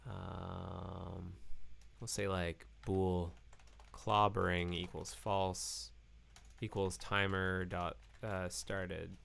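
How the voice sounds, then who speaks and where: A man hosting a live coding stream, thinking aloud in halting phrases with many fillers and self-corrections, and saying he is losing his voice. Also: sits low, flat delivery, creaky, fairly bright tone. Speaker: programmer live-coding host.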